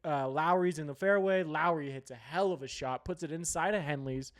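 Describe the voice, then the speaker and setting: A man hosting a sports podcast, ranting heatedly with plenty of profanity and sudden loud outbursts. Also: fairly high pitch, fairly quick. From United States.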